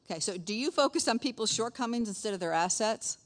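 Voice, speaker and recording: A woman's voice: mid-range voice, lively intonation, fast talker. Folksy woman teaching at church. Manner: folksy, laughing asides, quotes scripture. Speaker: speaker at a church gathering. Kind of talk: sermon-style teaching.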